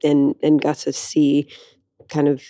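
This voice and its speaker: A woman co-hosting a theater podcast in a relaxed, dry, agreeable way. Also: low voice, slow, no room sound. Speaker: podcast co-host. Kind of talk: conversational podcast chat.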